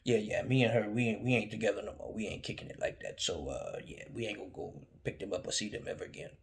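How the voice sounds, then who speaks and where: A man voicing his resigned father in a low, hushed voice while telling a story. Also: racing, lightly acted.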